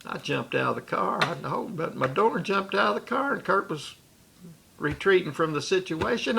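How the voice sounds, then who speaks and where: Brief: a man spinning a rambling personal story, slightly high voice with a lot of gravel. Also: animated, normal speed, a bit bright. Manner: rambling, with restarts and asides. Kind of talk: recounting a personal memory.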